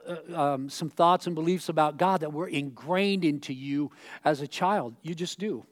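A male pastor with a fairly high voice gives a conversational sermon from a church stage, voicing the people he quotes and erupting now and then into loud outbursts.

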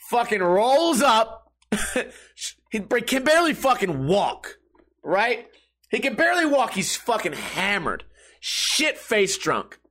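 Man telling a story, high lively voice, profane and laughing. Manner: profane, animated, laughs often. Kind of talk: casual comedic storytelling.

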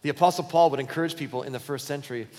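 A man's voice: medium pitch, very fast, darkish tone, in a large hall. A man preaching a sermon as a pastor, speaking in a candid, conversational style that tells stories and often restarts phrases.

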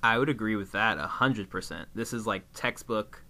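A man co-hosting a podcast in casual chat, animated and enthusiastic. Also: on the low side, normal speed. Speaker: podcast co-host.

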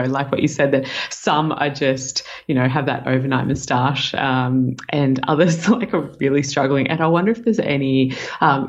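A woman co-hosting a casual podcast chat, bubbly and laughing a lot. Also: deep voice. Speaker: podcast co-host, health practitioner. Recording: dull lo-fi sound.

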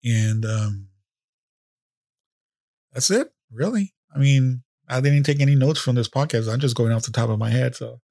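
Gravelly emotional podcast host. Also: male voice, medium pitch, moderate pace, warm tone, dry recording, studio quality. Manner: emotional, profane, rambling with restarts. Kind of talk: casual unscripted podcast monologue.

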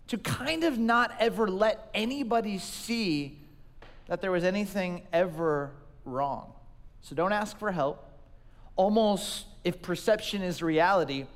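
A man's voice: high voice, fairly bright tone. A man preaching a sermon, telling stories about himself with self-deprecating humor. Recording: long reverb of a large hall.

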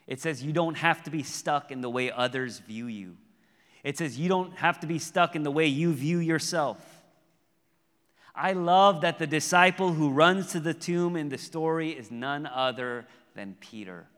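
A man preaching a sermon as pastor, earnest, moving between raised emphasis and hushed, intimate appeals. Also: mid-range voice. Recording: long hall reverb.

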